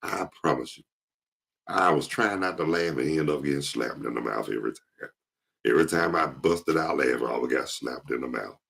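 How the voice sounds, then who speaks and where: A man hosting his show, telling casual stories in an animated way and jumping into impressions. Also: rumbling low, brisk, vocal fry, husky. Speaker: show host. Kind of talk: casual storytelling monologue.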